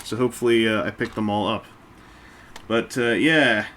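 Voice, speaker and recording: A man's voice: lowish voice, steady tone, moderate pace, a bit bright, slight background noise. A man casually chatting while he builds a brick set, rambling along with self-mocking jokes and asides. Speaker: toy-building video host. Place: indoors at a table.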